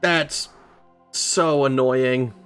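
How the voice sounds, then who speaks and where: A man streams a retro game and keeps up a running commentary, cursing freely whenever the game annoys him. His voice sits at an ordinary middle pitch, and faint music plays underneath. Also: fairly even intonation, very slow, fairly bright tone, clean tone. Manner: swears heavily, easily frustrated, talks to chat. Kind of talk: let's play commentary.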